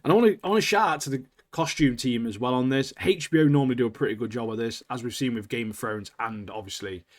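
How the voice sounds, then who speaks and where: A man's voice: mid-range voice, quick pace, few pauses. A man co-hosting a podcast, chatting animatedly and laughing often. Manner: animated, laughs often, says "mate" a lot. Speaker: podcast co-host. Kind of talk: casual chat.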